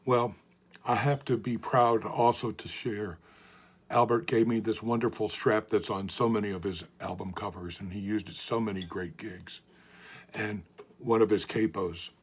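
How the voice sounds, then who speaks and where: An older man teaching a blues guitar lesson, telling earnest, heartfelt stories and often letting his voice fall soft at the ends of phrases. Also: fairly low pitch, fairly even intonation, normal speed, slightly rough. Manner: earnest, heartfelt storytelling, trailing off softly. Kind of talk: talking guitar lesson to camera.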